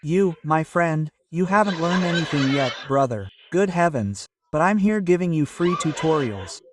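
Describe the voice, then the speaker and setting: A man doing a stand-up routine, telling a story and bantering with the crowd in a loud, animated way. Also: a little high, moderate pace, distant mic, background noise. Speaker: stand-up comedian. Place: comedy stage before a live audience.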